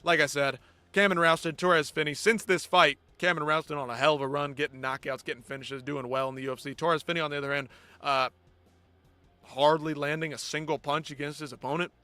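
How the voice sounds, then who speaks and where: A man's voice: fairly high pitch, steady tone, fast talker, bright, forceful tone, clear, resonant tone, no room sound, soft background music. A man hosting a live post-fight show, ranting bluntly and with heavy swearing. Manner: blunt, profane, exasperated ranting. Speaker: host.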